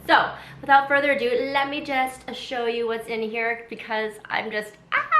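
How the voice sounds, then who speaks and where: A woman with a stuffy cold talks through an unboxing, her voice raspy and congested. She stays chatty and excited, with a bright, forward tone. The room around her rings with echo. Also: fairly high pitch, moderate pace, few pauses, slight background noise. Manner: chatty and excited, many fillers. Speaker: vlogger. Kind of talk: casual unboxing chat. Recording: echoey room.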